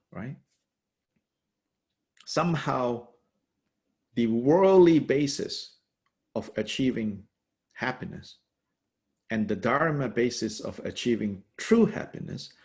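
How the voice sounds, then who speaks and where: A man teaching as a Buddhist teacher, commenting on a text in a thoughtful, halting way with many fillers and pauses, and laughing lightly now and then. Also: mid-range voice. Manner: laughs lightly while explaining.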